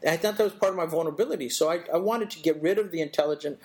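A middle-aged man appears as an interview guest, thoughtfully recounting a personal story. He restarts haltingly and acts out little quotes. His voice is on the high side with a darkish tone.

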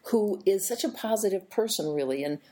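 A woman hosting a casual conversation, telling stories in a lively way and murmuring along as she listens. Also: mid-range voice, brisk.

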